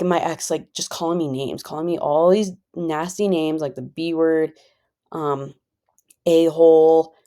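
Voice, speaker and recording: A woman's voice: low voice, mellow. A woman talking through her own experience in a casual, rambling monologue, full of "like" and "you know.". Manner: rambling, filler-heavy, conversational; calls herself a pretty chill person. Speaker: vlogger.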